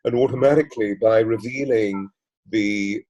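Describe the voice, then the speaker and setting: Low, husky man speaking in measured flowing lists. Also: darkish tone, highs cut off. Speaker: voice coach and mystic guest. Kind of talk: reflective interview talk.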